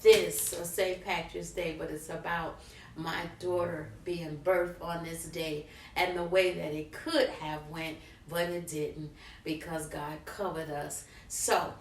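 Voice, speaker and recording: A woman's voice: sits low, slow pace, a little hiss or hum. Middle-aged woman telling a story in a roomy space. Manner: animated storyteller, talks straight to viewers as "guys". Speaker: vlogger. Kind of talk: personal story time. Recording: roomy, from a distance.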